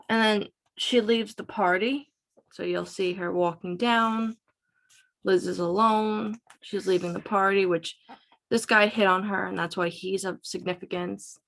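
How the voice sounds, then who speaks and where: Slow-reading woman explaining a book. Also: medium pitch, steady tone, gravelly, fairly bright tone. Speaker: reader presenting a book. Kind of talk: reading aloud and explaining a passage.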